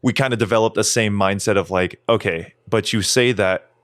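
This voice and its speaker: A man co-hosting a podcast in casual chat, animated and swearing freely, often mimicking others in a raised voice. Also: fairly low pitch, a little fast, dry recording, clean studio sound. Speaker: podcast co-host.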